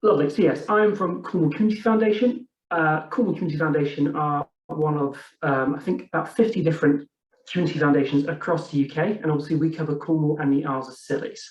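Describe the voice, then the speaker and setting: A man working as a grants officer gives a friendly, halting presentation on a video call. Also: a little high, steady tone. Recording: dull distant echoey sound.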